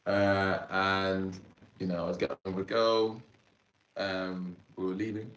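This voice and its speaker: A man in his thirties, a podcast guest, telling a story in an animated, slangy way with lots of fillers. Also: sits low, measured pace, echoey room, poor audio. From Sudan, raised in Ireland. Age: 30s. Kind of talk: casual storytelling interview.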